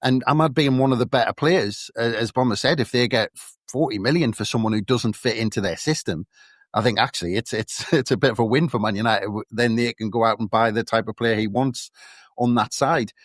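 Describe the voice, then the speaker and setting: A man's voice: medium pitch, brisk, dry recording, studio quality. A man with a North East English accent, co-hosting a football podcast in casual, thoughtful chat full of restarts. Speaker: podcast co-host.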